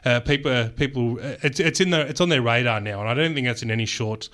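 A man, a guest on a radio talk show, explaining his craft in a casual, hesitant way full of fillers and quick laughs. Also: medium pitch, fairly bright tone. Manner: chatty, hesitant with many fillers, laughs easily. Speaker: vermouth maker guest.

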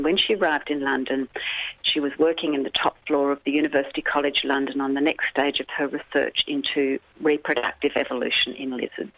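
Gravelly woman on a muffled phone line. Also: low-pitched, dry recording. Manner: animated storyteller who acts out quoted dialogue. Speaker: author guest. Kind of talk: radio interview, storytelling. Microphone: telephone.

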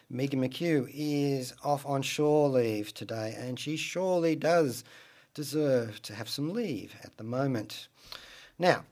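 A man hosting a radio show, reviewing films in a casual, rambling, wry way. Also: medium pitch. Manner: rambling and wry, many asides. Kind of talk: casual film review monologue.

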